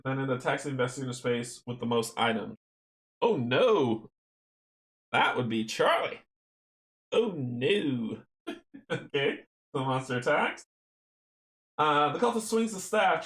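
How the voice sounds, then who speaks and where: A man's voice: a little high, expressive, normal speed, a bit bright. A man playing a board game solo, reading the game text aloud and chatting to himself with chuckles. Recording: roomy echo.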